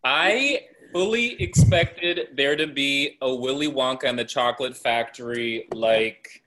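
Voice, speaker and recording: A man co-hosting a podcast, joking about a film in casual chat with quick asides. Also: mid-range voice, sharp tone. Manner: jokey, chimes in with quick asides. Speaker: podcast co-host. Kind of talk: casual movie recap chat.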